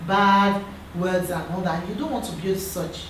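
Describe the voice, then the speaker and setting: A woman in her thirties with a Nigerian accent, chatting earnestly as a guest and giving advice in a lively, storytelling way. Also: mid-range voice, moderate pace. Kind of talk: casual chat. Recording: roomy echo, far from the mic, background noise.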